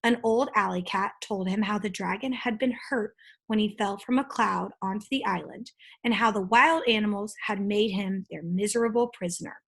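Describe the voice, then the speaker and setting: Breathy woman reading a children's story. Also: medium pitch, moderate pace. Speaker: storybook reader. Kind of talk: reading a children's book aloud.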